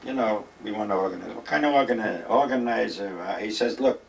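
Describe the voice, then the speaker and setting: A man's voice: lowish voice, a little fast, vocal fry, far from the mic, poor audio. An older man being interviewed, reminiscing in a rambling, emphatic way and acting out the dialogue of his old stories. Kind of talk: reminiscing storytelling. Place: retirement village home.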